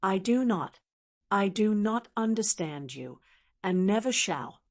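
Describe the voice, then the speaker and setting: A text-to-speech woman's voice reading the lines of a puzzled, blunt young gentleman in a storybook, in an even, measured way. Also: medium pitch. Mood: vehement. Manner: even, measured synthetic delivery.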